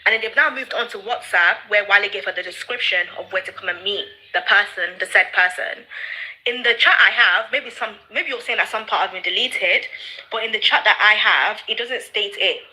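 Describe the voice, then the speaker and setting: A woman's voice: medium pitch, a little fast, sharp tone, rough recording. A woman joining a live chat as a guest, thinking aloud and often apologizing. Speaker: guest sharing screenshots. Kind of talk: casual live chat discussion.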